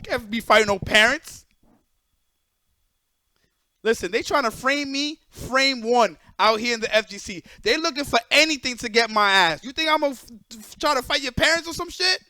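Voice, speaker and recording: A young man on a livestream rants bluntly and swears freely, with a high, bright voice. The sound is dry and close. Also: moderate pace, no echo. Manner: profane, animated, blunt. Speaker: streamer and event organizer. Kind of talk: casual livestream rant.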